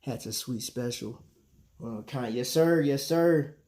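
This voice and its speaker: A man's voice: medium pitch, unhurried, dark tone. A man hosting a casual live stream, talking loosely with his viewers and throwing "man" and "bro" into most lines. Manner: laid-back slang, chatting with viewers, often saying "man".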